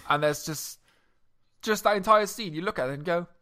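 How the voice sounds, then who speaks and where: A man's voice: high-pitched, moderate pace. Chatty young man hosting a podcast. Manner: animated, self-interrupting, jokey. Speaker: podcast co-host. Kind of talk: casual chat. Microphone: close podcast mic.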